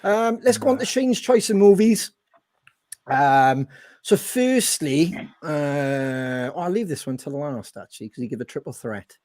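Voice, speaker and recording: A man hosting a podcast in casual chat, excitable and swearing freely. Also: on the high side, unhurried, no room sound, studio quality. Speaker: podcast host.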